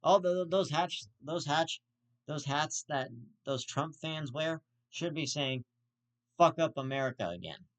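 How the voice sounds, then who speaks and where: A man's voice: on the high side, steady tone, slow. A man hosting his own show, giving profane ranting commentary in a blunt, repetitive way. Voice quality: blunt, profane and repetitive, circling back to the same insult. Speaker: show host.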